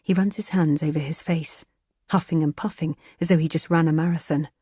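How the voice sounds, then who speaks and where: Husky woman narrating a thriller. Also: low voice, steady tone, a little fast, mellow, no room sound, studio quality. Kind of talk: scripted audiobook narration.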